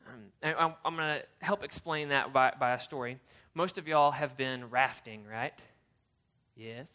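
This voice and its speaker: A youth pastor giving a casual, storytelling sermon, chatty and animated, with lots of fillers and restarts. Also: male voice, mid-range voice, a little slow.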